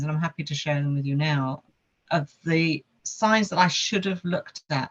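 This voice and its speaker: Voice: medium pitch, fairly bright tone, lo-fi sound. A podcast guest, telling a personal story in an earnest way and listing things with lots of repetition.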